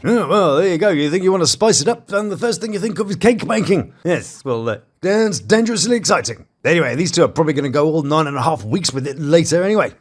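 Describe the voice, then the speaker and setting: A man's voice: a little high, lively intonation. A man, giving cheeky, mocking commentary over reality TV clips. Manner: mocking, cheeky, quick asides. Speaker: reality TV reviewer.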